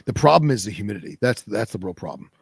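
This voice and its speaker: A man's voice: lowish voice, very animated, fast, creaky, breathy edge, dry recording. A man hosting a podcast, talking in a casual, rambling way full of fillers. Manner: rambling, filler-heavy, laid-back. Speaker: podcast host. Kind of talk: casual chat.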